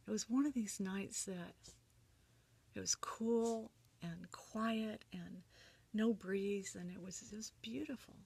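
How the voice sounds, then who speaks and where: A woman gently telling a personal family story, reminiscing in a soft, often breathy voice. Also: medium pitch.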